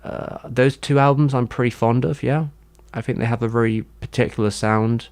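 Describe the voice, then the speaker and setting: A man's voice: medium pitch, fairly even intonation, normal speed, darkish tone. A man chatting casually on a livestream, answering his chat in a rambling, hesitant way with many fillers and restarts.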